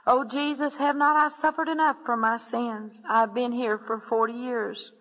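A woman's voice: fairly high pitch, steady tone, normal speed, fairly bright tone, long reverb tail, low-quality recording. A woman reading aloud the desperate, pleading words of a sobbing man suffering in torment.

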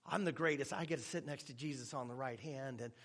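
A man's voice: medium pitch, quick pace, pitched below the performer's own voice, natural voice. A man voicing boastful, squabbling grown male followers, eager and bragging.

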